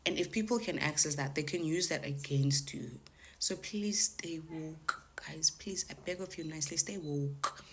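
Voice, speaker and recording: A woman with a low-pitched voice tells a story in a chatty vlog monologue. She retells it with animation, acting out what each caller said. Her delivery is loose and conversational. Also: normal speed, fairly bright tone, slightly rough. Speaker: TikTok storyteller.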